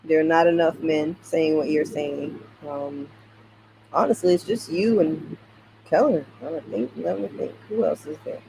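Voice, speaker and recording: A man's voice: fairly high pitch, unhurried, creaky, warm tone, a little hiss or hum, poor audio. A man co-hosting a live stream, speaking earnestly and thinking aloud. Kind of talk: casual live-stream chat.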